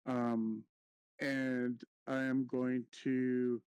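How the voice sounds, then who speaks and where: Slow-talking man player, dry sound. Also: medium pitch, little pitch movement, darkish tone, clean tone, no echo. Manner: slow, halting with fillers. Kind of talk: tabletop game play.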